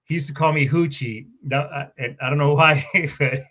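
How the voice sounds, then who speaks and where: A man's voice: a little high, fairly even intonation, moderate pace, a bit bright. Profane, rambling middle-aged man. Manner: profane, rambling, self-correcting. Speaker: guest, Marine Corps veteran warrant officer. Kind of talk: casual storytelling interview.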